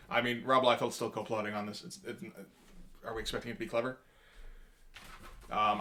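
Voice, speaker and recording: Guy flipping thru a comic and riffing on it, halting and rambly, lots of ums, middle-of-the-road voice. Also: medium pitch, fairly bright tone. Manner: rambling, halting, with many fillers and wry asides. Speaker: comic book reviewer. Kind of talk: casual page-by-page comic review.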